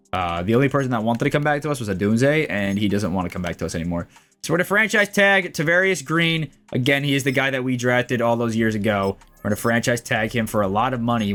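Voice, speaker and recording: A young man calls the plays of his own football video game like a sportscaster, his voice sitting at an ordinary middle pitch. He stays casual and chatty between plays, then jumps up into excited shouts when something big happens. Faint music plays behind him the whole time. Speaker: gaming YouTuber.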